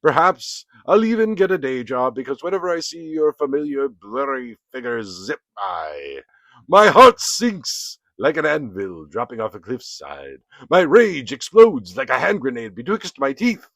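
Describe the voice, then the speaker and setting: A man's voice: medium pitch, sing-song, measured pace, fairly bright tone, no echo, voice pushed up. A man voicing a pompous male cartoon coyote who calls himself a genius, delivering a theatrical performance poem. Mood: defeated. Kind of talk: performance poetry. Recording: dull, dry recording.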